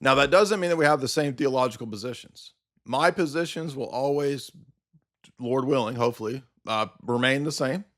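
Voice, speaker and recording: A male livestream host rants with a combative, sarcastic edge, firing off quick asides and jabs. His voice is bright and forceful, sitting in a middle pitch for a man. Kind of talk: livestream commentary rant.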